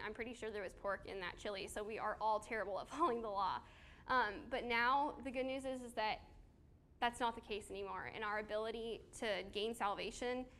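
A woman with a fairly bright voice on the high side gives a casual sermon to a small live group, holding a handheld mic. She's chatty and self-deprecating, uses fillers, and asks the audience questions. A little hiss or hum can be heard.

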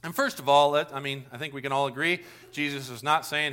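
A man preaching a sermon as pastor, talking straight to the congregation and telling lively stories. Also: on the high side, brisk, few pauses.

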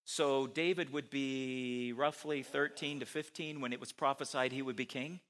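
A man preaching a sermon, animated, who asks his listeners many rhetorical questions. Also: mid-range voice, normal speed.

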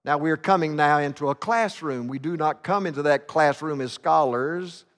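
A man's voice: fairly high pitch, normal speed, a bit bright. Man preaching in a reverberant church. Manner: dramatic storytelling with many fillers and restarts. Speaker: pastor. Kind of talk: sermon. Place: church sanctuary. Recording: long reverb of a church sanctuary.

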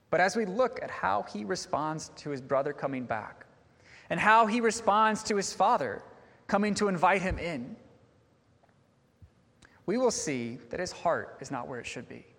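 A man with a high voice delivers a sermon in an earnest, questioning manner. His words echo with a long reverb through a church sanctuary. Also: creaky, fairly bright tone. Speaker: preacher.

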